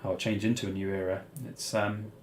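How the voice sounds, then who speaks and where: Laid-back British man, lowish voice. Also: flat delivery, fairly quick, slight background noise. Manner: rambling, many fillers and restarts. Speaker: channel host answering live chat. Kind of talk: casual live-stream Q&A.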